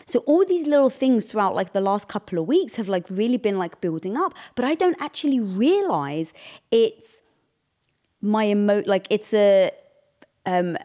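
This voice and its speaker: A woman's voice: mid-range voice, sing-song, normal speed, mellow. A woman with an ordinary mid-range voice talks through a personal story in a casual relationship chat. She is chatty and leans on fillers and restarts as she goes. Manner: chatty, filler-heavy retelling. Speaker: co-host.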